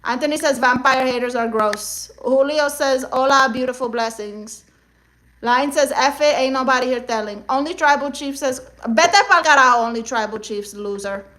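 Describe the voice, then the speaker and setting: In poor audio, the same kind of sassy comedy livestream plays out: a young woman from Puerto Rico and Guatemala reads viewer comments in a loud, brash, exclamatory manner, mixing in Spanish slang. She speaks at normal speed in a high voice.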